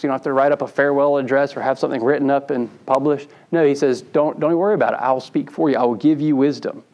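Man, pastor, sermon, mid pitch, conversational, emphatic repetition. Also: vocal fry, darkish tone, rough recording. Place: church sanctuary.

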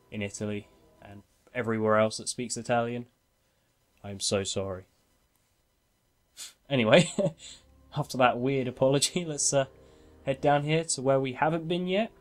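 A man's voice: medium pitch, steady tone, normal speed, pauses often. A man hosting a game walkthrough in casual gameplay commentary, chatty and self-mocking, laughing often.

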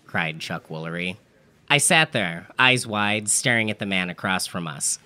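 Man narrating deadpan, bright tone. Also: sits low, unhurried. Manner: dry, matter-of-fact delivery of absurd events. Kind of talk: deadpan comedic storytelling.

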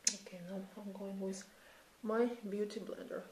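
A woman's voice: mid-range voice, level tone, normal speed, darkish tone, slight background noise. A woman in her thirties with a Russian accent, chatting and thinking aloud while doing a makeup tutorial. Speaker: beauty vlogger. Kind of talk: casual makeup tutorial chat. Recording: echoey room.

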